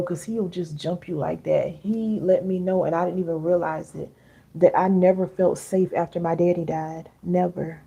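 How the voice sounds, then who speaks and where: Gravelly, husky woman live-streamer. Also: on the low side, dark tone. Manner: chatty, reads viewer comments aloud, calls viewers baby and girl. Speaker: live-stream host and healing coach. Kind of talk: casual live-stream coaching talk.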